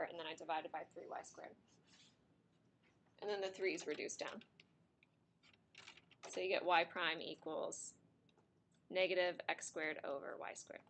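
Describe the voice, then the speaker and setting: A woman's voice: lowish voice, steady tone, normal speed, pauses often, a bit bright, a little hiss or hum. A woman teaching a math class, explaining steps to her students while she is losing her voice and it keeps cracking. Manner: talks through steps at the board, chatty with students.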